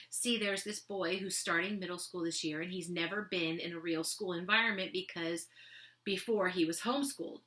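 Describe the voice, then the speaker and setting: A woman's voice: lowish voice, bright, forceful tone. A woman reading a children's novel aloud to listeners, with casual, chatty asides between passages.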